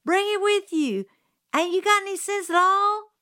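A woman reading a novel aloud, voicing a bossy older boy who yells and scolds. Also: high voice, unhurried, dry recording, studio quality, pitched above the performer's own voice. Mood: yelling.

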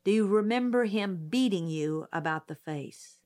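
A woman's voice: medium pitch, expressive, moderate pace, a little mellow, lightly acted. A woman reading an audiobook, voicing a middle-aged male lawyer who questions a witness patiently in a dry, detached way. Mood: measured, persistent.

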